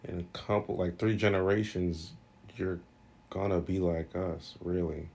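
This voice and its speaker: A man's voice: low-pitched, level tone, measured pace, a little mellow. A young man in a blunt, exasperated casual rant, swearing freely. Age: young adult. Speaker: commentator. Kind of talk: casual social media rant.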